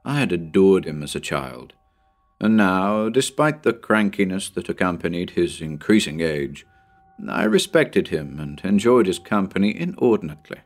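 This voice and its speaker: A man reading a short story aloud in an expressive, measured narration. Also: low voice, faint music behind. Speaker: audiobook narrator.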